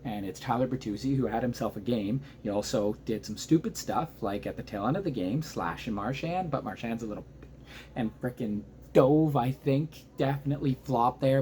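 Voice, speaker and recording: A man recapping a hockey game at home at night, talking quietly but keyed up and emotional, rambling through the plays. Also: medium pitch, a little fast, slight background noise. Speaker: hockey fan reacting to a game. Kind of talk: excited post-game reaction monologue.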